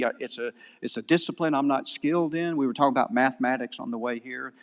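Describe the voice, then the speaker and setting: A man with a Southern American accent giving an animated, digressive conference lecture, often correcting himself mid-sentence. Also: medium pitch. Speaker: conference speaker. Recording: long hall reverb.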